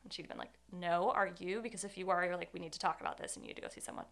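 A woman's voice: fairly low pitch, fairly even intonation, racing, creaky, fairly bright tone. A young woman in her twenties, a guest telling her own story in an interview, candid and earnest, with many "like"s. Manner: candid, earnest, says 'like' often.

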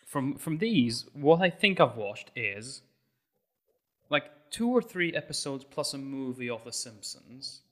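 A man's voice: mid-range voice, very animated, a little slow. A young man from Malta, a podcast guest, chatting casually with dry, rambling, self-deprecating humor. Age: young adult.

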